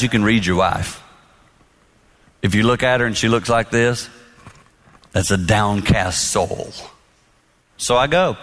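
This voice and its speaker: A middle-aged man preaching a storytelling sermon on marriage, animated, acting out quotes and laughing along. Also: mid-range voice. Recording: long hall reverb.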